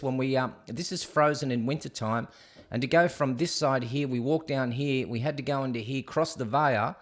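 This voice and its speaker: A middle-aged Australian man with a mid-range voice hosts a casual solo livestream. He's chatty and jokey, rambling along and reading viewer comments out loud.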